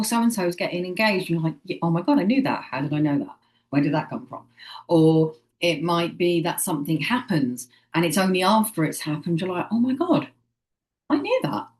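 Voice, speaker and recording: A woman with a somewhat low voice talks casually to her viewers as a psychic medium. She is chatty and expressive, slipping into little acted-out quotes of what people think, and often checks in with a quick "okay?". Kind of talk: casual direct-to-camera advice.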